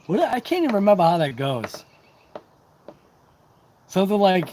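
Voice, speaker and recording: A man's voice: sits high, big pitch swings, moderate pace, long pauses, darkish tone, a little hiss or hum. A man hosting a casual hobby livestream, chatting to viewers in a rambling, talkative, self-deprecating way. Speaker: RC hobby channel host.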